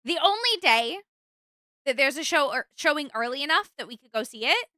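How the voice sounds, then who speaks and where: A young woman streamer chatting casually with her viewers, rambling and animated. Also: sits high, moderate pace, no room sound. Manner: chatty, rambling, animated, with fillers and bursts of exasperation.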